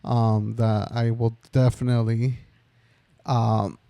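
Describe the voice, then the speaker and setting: A man's voice: mid-range voice, little pitch movement, slow pace, creaky, warm tone, no echo. A young man co-hosting a casual podcast, telling a story in a rambling way full of "like" and "um". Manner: rambling, lots of "like" and "um". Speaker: podcast co-host.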